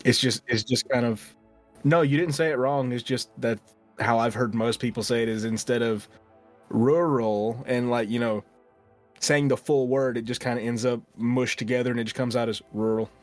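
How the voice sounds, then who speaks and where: A man's voice: medium pitch, steady tone, faint music behind. A man co-hosting a podcast, bantering jokingly and stumbling over his words. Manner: joking, halting with repeated restarts. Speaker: podcast co-host.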